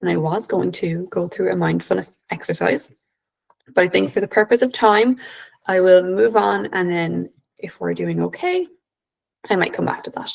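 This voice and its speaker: A woman in her thirties with an Irish accent presents to an online audience, gently guiding her listeners. Her lowish voice carries a gravelly edge. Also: moderate pace, rough recording. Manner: gentle, guiding, with filler "um"s and restarts. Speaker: behaviour analyst presenter.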